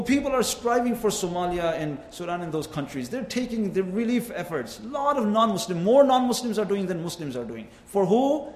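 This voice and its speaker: Impassioned preacher in an echoey hall. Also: male voice, high-pitched, darkish tone. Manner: impassioned, rising and falling, mixes Arabic phrases. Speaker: Islamic preacher. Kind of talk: sermon. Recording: echoey hall, faint ambience.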